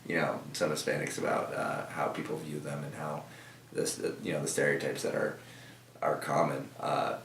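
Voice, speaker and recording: A man's voice: rumbling low, little pitch movement, normal speed, a bit bright, a little hiss or hum. A young man talking casually in an interview, rambling with many fillers and restarts, in an office. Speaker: team member guest. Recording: echoey room from a distance.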